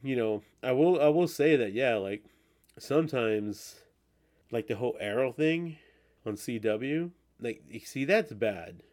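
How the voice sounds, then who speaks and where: A man chatting on a podcast in a middle-pitched voice. He rambles and swears freely, often restarting his sentences as he talks. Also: lively intonation, measured pace, a little mellow. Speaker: podcast host. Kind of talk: casual chat.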